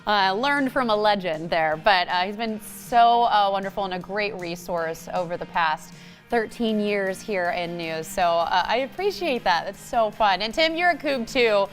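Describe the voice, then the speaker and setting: A woman anchoring a morning news show, bubbly and quick to laugh with her co-hosts. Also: mid-range voice, expressive, faint music behind.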